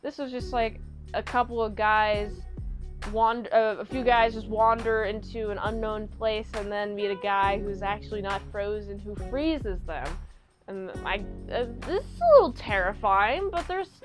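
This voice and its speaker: A woman's voice: mid-range voice, unhurried, soft background music. A woman casually recapping a TV episode as a reviewer, chatty and rambling with slangy asides. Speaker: show reviewer.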